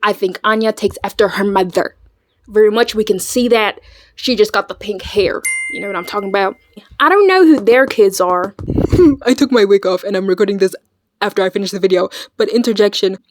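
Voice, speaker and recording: A woman chatting casually in a reaction video, animated and slangy, swearing freely. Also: mid-range voice, brisk, slight background noise. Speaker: video creator.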